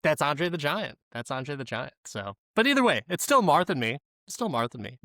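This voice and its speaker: A man's voice: fairly high pitch, very animated, a little fast, sharp tone, dry recording, studio quality. A man co-hosting a podcast, chatting casually about a movie in rambling sentences and swearing freely when he gets going. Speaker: podcast co-host. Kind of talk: casual movie-review chat.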